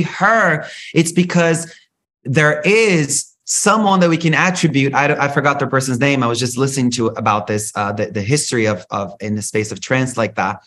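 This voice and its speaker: A man hosting a solo spiritual podcast, talking in an animated, profane, rant-like way with big swings in pitch. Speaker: podcast host.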